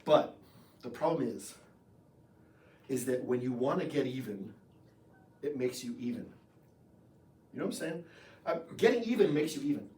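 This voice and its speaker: An American man preaching a sermon as pastor, in a conversational, animated way with jokes. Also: mid-range voice, normal speed, long pauses. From United States. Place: church sanctuary. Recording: echoey room, voice from far off the mic.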